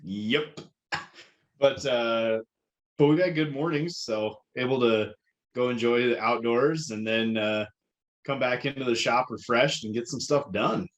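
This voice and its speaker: A man co-hosting a casual podcast, explaining things in a measured way with a lot of ums and restarts. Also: medium pitch. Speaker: podcast co-host.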